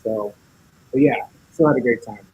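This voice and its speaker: A man's voice: mid-range voice, moderate pace, narrow, tinny audio, a little hiss or hum. A man guest on a podcast, telling a story in casual chat, acting out each side of the dialogue and cursing a lot.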